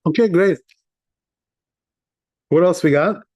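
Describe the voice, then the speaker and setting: Relaxed male rabbi teaching, conversational and a bit higher-pitched. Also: slow, dull audio. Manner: conversational, sprinkles in "right?" and "you know", chuckles often. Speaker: rabbi teaching Jewish law. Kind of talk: casual Torah class.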